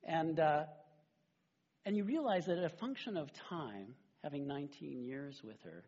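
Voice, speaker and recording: A middle-aged man preaching a sermon as a pastor, animated and conversational, often checking in with "right?". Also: fairly high pitch, a little slow, slightly rough, dull audio.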